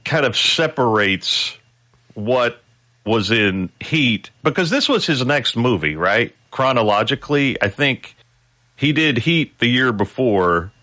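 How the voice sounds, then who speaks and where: A man's voice: mid-range voice, sing-song, takes it slowly, sharp tone, no room sound. A man guest-hosting a podcast, talking in a casual, thoughtful and wry way. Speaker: guest co-host.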